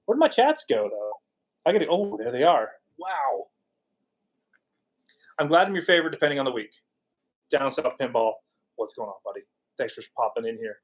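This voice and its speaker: A man's voice: mid-range voice, sing-song, normal speed, long pauses, breathy edge. A man from California hosting a live stream, chatting casually and jokingly with viewers. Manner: rambling and jokey, reacting to chat. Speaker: podcast host.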